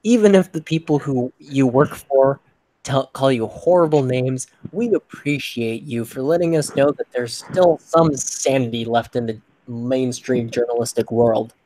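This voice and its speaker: Man, podcast co-host, sarcastic ribbing tone, mid pitch. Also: unhurried, dark tone, slight background noise, poor audio. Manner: teasing, sarcastic. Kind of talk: casual chat.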